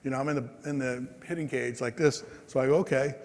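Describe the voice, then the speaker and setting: A man's voice: medium pitch, fairly quick. Man in his 60s telling stories, echoing hall. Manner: animated, acts out quoted people. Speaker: keynote speaker. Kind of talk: storytelling speech. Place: large convention hall. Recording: long hall reverb.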